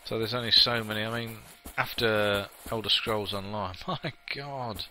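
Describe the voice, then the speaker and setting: A man giving casual, chatty commentary as he plays a game, opinionated and quick to laugh at himself. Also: lowish voice, steady tone, sharp tone, slight background noise, rough recording. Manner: chatty and opinionated, with frequent laughs and playful asides. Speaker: let's play gamer.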